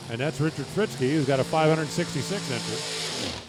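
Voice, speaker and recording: A man's voice: mid-range voice, lively intonation, normal speed, gravelly, heavy background noise. A man giving live drag racing commentary, reading times and speeds with folksy, joking asides.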